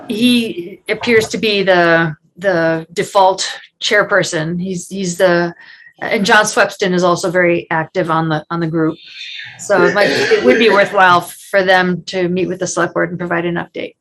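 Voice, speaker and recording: A woman's voice: fairly low pitch, fairly even intonation, a little slow, fairly bright tone, low-quality recording. A woman reporting to a town board in a public meeting, speaking hesitantly with many restarts over a video call.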